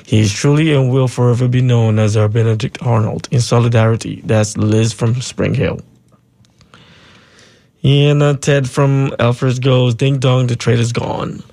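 A man's voice: mid-range voice, a little slow. Guy hosting a call-in radio show, laid back, lots of ums, mid voice. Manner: relaxed, loose, with many ums and uhs. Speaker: radio talk show host. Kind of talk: call-in radio talk, reading listener texts.

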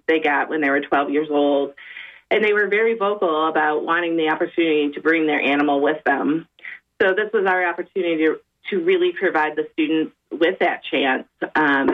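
Female guest on the phone, lowish voice, measured and organized. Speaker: university housing director. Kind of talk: phone interview. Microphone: telephone. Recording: tinny phone line.

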